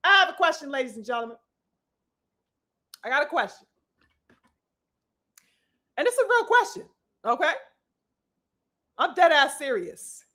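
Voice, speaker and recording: A woman's voice: high voice, big pitch swings, measured pace, long pauses, sharp tone. A woman giving a preachy, profane boxing rant full of rhetorical questions and elaborate words. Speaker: boxing commentator. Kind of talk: ranting commentary.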